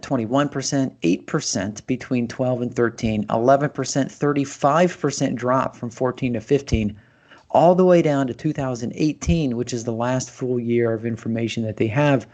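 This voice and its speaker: A man's voice: medium pitch, normal speed, darkish tone. A man hosting a casual podcast chat, conversational and loose, with plenty of fillers and restarts. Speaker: podcast host.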